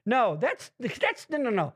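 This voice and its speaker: A middle-aged man hosting a podcast, talking in loud, profane, teasing banter. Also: very animated, a little slow. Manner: loud, swearing, teasing, jumps into high mock voices. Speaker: podcast host.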